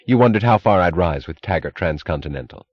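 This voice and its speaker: A man with a deep voice reading the lines of a determined woman railroad executive who pleads with restrained, precise words, recorded with a dull, dry sound. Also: animated, brisk, dry recording. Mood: earnest.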